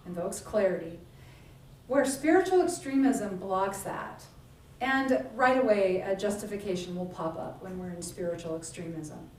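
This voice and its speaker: A woman's voice: medium pitch, darkish tone, slight background noise. A woman giving a sermon in a conversational storytelling way, often tossing in "right?" and "like". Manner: conversational storytelling, frequent 'right?' and 'like'. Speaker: minister. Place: church sanctuary. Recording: echoey church room, speaker far from the mic.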